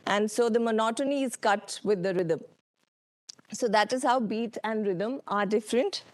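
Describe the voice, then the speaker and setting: A woman with an Indian English accent presenting a lecture with slides, unhurried, with many ums and uhs and questions to the audience. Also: fairly high pitch, a little mellow, no room sound. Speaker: workshop speaker. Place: conference hall.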